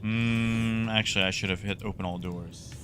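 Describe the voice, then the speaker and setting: Excitable male game streamer, bright voice. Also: fairly low pitch, normal speed, slight background noise. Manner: excitable, talks to chat, repeats himself. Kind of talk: live gameplay commentary.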